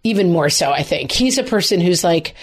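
A woman in her thirties co-hosting a casual podcast chat, telling stories in a wry, animated way. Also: on the low side, fairly quick, breathy edge. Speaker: podcast co-host.

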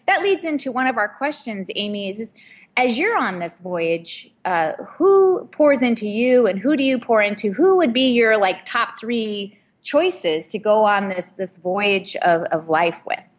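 A woman's voice: mid-range voice, lively intonation, a little slow. A woman co-hosting a talk show and introducing topics hesitantly, with many "um" and "uh" fillers. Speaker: co-host. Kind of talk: casual talk show chat.

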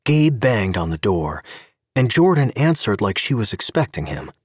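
A man giving an expressive scripted narration of an audio story. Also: fairly low pitch, normal speed, breathy edge, no echo, clean studio sound.

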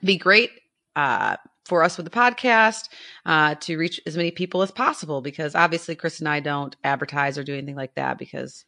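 A woman's voice: low-pitched, brisk, vocal fry, sharp tone. A woman co-hosting a casual animal podcast, chatty and enthusiastic, laughing often. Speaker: podcast co-host. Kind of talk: casual chat.

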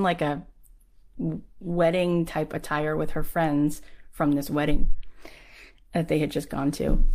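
A woman tells a personal story in a low-pitched voice. She talks in a lively, animated way and peppers her speech with "like." She slips into quick acted voices for the people she quotes.

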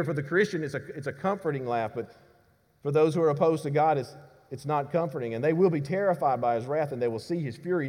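A man preaching a sermon to his congregation. He delivers emphatic declarations, drops to hushed low lines, and often asks the congregation questions. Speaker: pastor. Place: church sanctuary. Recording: reverberant church hall.

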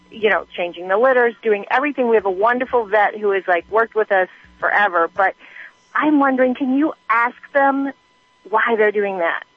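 A woman's voice: fairly high pitch, slightly rough, no echo. A woman calling in to a radio show who chats freely and laughs easily. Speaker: caller. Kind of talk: call-in conversation. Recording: dull, dry phone line.

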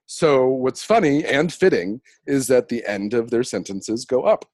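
A man's voice: medium pitch, unhurried, no room sound. Chatty man talking about role-play. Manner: chatty, animated, laughs often. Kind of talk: casual chat about role-playing.

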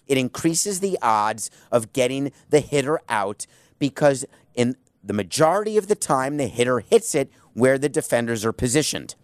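A man's voice: medium pitch, no room sound, clean studio sound. A man hosting a sports talk show, arguing his point with rhetorical questions and emphatic asides. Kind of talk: opinionated sports talk monologue.

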